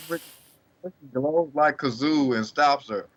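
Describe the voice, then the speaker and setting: A man's voice: fairly high pitch, drawn-out words, fairly bright tone, slight background noise. A man co-hosting a casual podcast chat, making long, rambling points. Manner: talks in long, rambling run-on points with many fillers. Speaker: podcast co-host.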